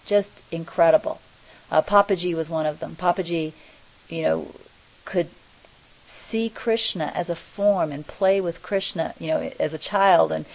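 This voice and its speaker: A middle-aged woman giving a reflective spiritual talk, speaking slowly and softly with many pauses. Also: fairly low pitch, poor audio. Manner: slow, soft, pausing and searching for words. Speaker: spiritual teacher.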